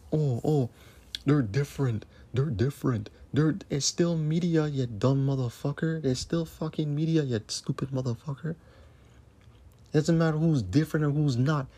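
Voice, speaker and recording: A man with a mellow, mid-range voice hosts a podcast and launches into an angry rant. His monologue is profane and repetitive, full of cursing.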